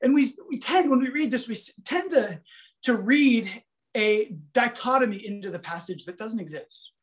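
A man giving a sermon, telling a story in an animated, conversational way full of fillers. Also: very high-pitched, moderate pace. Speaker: preacher.

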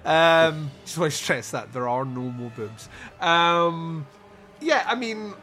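A man's voice: fairly high pitch, expressive, sharp tone. Sarcastic, laughing man. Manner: laughing, sarcastic, quick asides. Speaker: podcast host. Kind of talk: casual movie review chat.

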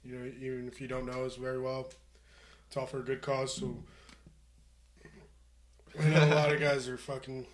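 A man's voice: medium pitch, monotone, normal speed, pauses often. A man co-hosting a podcast, telling a crude story in casual chat, swearing freely and laughing as he goes. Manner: profane, laughing anecdote teller. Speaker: podcast co-host.

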